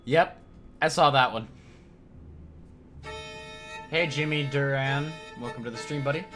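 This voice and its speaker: A man's voice: mid-range voice, unhurried, fairly bright tone. A man streaming live, reacting to the video with exclamations and greeting viewers in chat. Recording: music playing behind.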